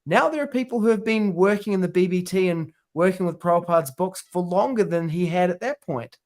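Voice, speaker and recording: Podcast co-host, male, high-pitched, chatty storyteller, slangy. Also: fairly quick, a little mellow. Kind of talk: casual chat.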